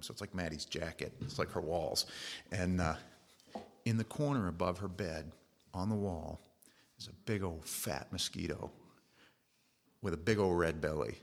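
A middle-aged male pastor delivers a sermon in an earnest, conversational way, slipping into personal stories. His voice sits very low. It has a gravelly edge. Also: a bit bright.

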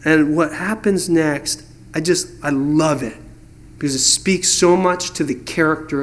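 A pastor preaches a sermon with an unhurried voice on the high side. He reads verses and tells stories in an animated way, acting out the voices in the dialogue.

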